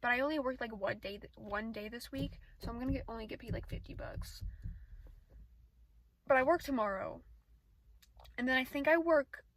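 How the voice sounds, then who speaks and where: A teenage girl vlogging outdoors on her phone, rambling fast and getting easily distracted in casual chat. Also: on the high side, a little hiss or hum, rough recording. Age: teens. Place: outdoors, sitting in a parked car area.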